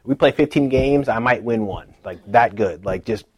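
A man in his thirties giving a personal faith testimony, dropping to a hush and rising loud again, laughing at himself as he tells the story. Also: mid-range voice, moderate pace, crowd noise. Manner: swings from hushed to loud, laughing, self-deprecating storytelling.

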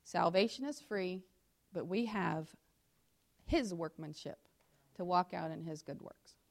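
With noticeable vocal fry, a woman teaches a sermon in front of her church, where she serves in ministry beside her pastor husband. She alternates between slow, loud, emphatic readings of scripture and hushed, rapid asides, often questioning the congregation directly.

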